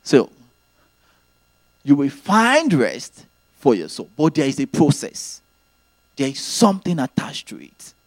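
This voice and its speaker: A male preacher teaches earnestly in his sermon, returning again and again to his key phrases, his pitch moving lively. He speaks a little slowly with long pauses, and the recording is dry and close.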